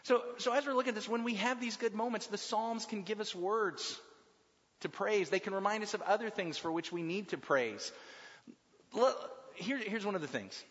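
Animated man leading a Bible class. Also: high-pitched, normal speed. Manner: lively, asks the group questions. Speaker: Bible study leader. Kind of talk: group Bible class teaching. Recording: long reverb, dull lo-fi sound.

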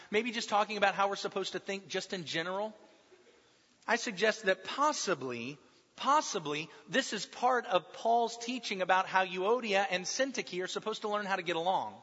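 A man preaching a sermon as pastor, emphatic, dropping soft and slow when he quotes. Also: high voice, long reverb tail, highs cut off.

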